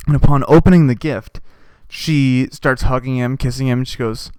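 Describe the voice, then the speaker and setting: Profane rambling man, smooth voice. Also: medium pitch, fairly even intonation, normal speed, darkish tone, dry recording. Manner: profane, riffing, mock voices for quoted people. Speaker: podcast host. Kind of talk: rambling comedic monologue.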